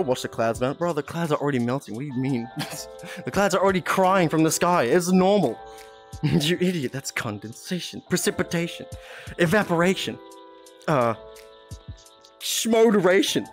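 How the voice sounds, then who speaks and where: A man's voice: fairly high pitch, lively intonation, normal speed, faint music behind. A young Australian man chatting casually on a live stream, laughing often and reading chat aloud.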